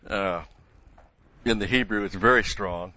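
A preacher with a low, bright, forceful voice delivers his sermon and reads scripture with growing emphasis. The recording is dry and close, with a dull, lo-fi sound. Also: measured pace. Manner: emphatic, rises in pitch and volume when reading scripture. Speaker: pastor.

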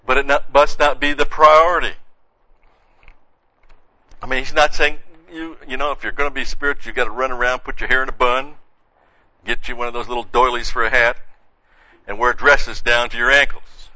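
Bright-toned male preacher, lo-fi. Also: medium pitch, no room sound. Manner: conversational preaching with frequent "see" and "you know". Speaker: pastor. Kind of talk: sermon, verse-by-verse Bible teaching. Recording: dull, muffled lo-fi sound.

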